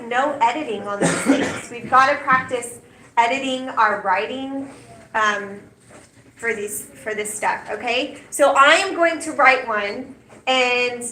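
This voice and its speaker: A woman teacher, leading a class in a brisk, direct way and often checking in with "okay?". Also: high voice, pushed and bright. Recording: roomy and noisy classroom, picked up from a distance.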